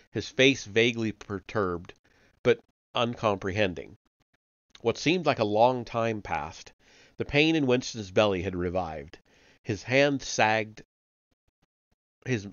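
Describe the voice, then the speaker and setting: Low-voiced man reading a novel aloud. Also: no echo, lo-fi sound. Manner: measured, with occasional slips and self-corrections. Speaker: reader of an online book series. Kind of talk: live audiobook reading.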